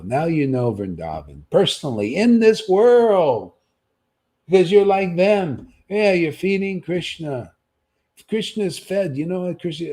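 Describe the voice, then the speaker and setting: A man's voice: high voice, very animated, unhurried, warm tone. A man giving a livestreamed sermon, preaching with many rhetorical questions and a repeated "see?", emphatic and sometimes scolding. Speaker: spiritual teacher.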